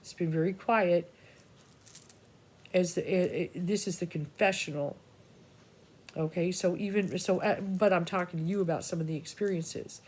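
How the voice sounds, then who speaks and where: A psychic reader speaks to her viewers in a lowish, somewhat mellow woman's voice, rambling casually about personal matters. Her talk is scattered, with plenty of swearing, restarted sentences, and side remarks.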